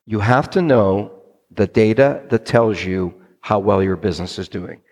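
Animated man telling a business story. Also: on the low side, a little slow, in a large hall. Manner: animated, acts out quoted voices. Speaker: business owner guest. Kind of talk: storytelling interview talk. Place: stage event.

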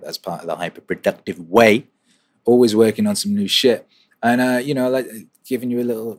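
A man hosting a weekly question-and-answer livestream, chatting casually, swearing and repeating phrases for rhythm. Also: on the low side. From England.

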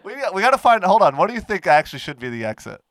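A man co-hosting a podcast in casual chat, laid-back and quick to toss out questions. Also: sits high, big pitch swings, a bit bright, no room sound. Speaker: podcast co-host.

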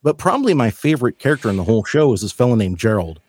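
A man chatting on a podcast, telling wry stories in an easy, relaxed way. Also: medium pitch, very fast, slightly rough. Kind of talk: casual chat.

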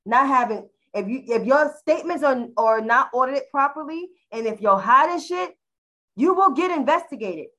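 A woman with a slightly high voice co-hosts a casual podcast. She rants bluntly and profanely, driving home each point with emphatic repetition. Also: expressive, moderate pace, sharp tone, low-quality recording. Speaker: podcast co-host. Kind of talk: casual chat.

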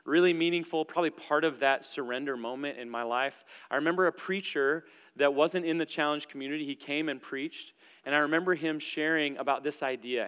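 A young adult man preaching a sermon in a relaxed, conversational way, with plenty of filler words. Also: on the high side, clear, resonant tone. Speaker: pastor. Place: church auditorium stage. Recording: long reverb from a large hall.

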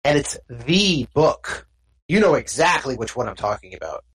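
Husky, rambling game master. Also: medium pitch, big pitch swings, normal speed, fairly bright tone. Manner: casual, rambling narration with restarts. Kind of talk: narrating a tabletop game.

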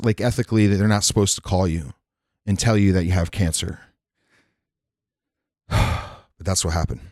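A man's voice: low-pitched, a little mellow, no room sound, clean studio sound. A man telling a candid personal story in casual podcast chat, frank and rambling, swearing freely. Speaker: podcast guest. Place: Nashville.

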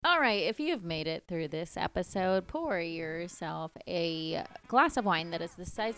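A woman co-hosting a casual podcast, telling an animated story, acting out the dialogue and laughing often. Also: on the low side, measured pace, hardly any pauses, a little hiss or hum. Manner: acts out quoted dialogue. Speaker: podcast co-host.

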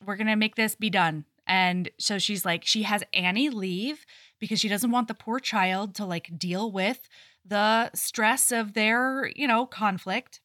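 A woman's voice: mid-range voice, slow, dry recording, clean studio sound. A woman co-hosting a podcast, casually recapping a novel, acting out the characters' lines and swearing freely. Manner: animated storyteller acting out quotes, swears freely. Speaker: podcast co-host. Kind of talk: casual chat recapping a book.

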